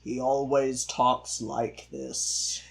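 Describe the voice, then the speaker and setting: Woman, podcast co-host, theatre fan, unhurried, low voice, dry remarks. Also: steady tone. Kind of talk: casual chat.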